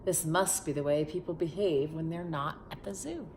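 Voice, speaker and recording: A woman's voice: deep voice, moderate pace, background noise. Woman reading as a friendly storybook lion. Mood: puzzled. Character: friendly polite male zoo lion, puzzled. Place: at home.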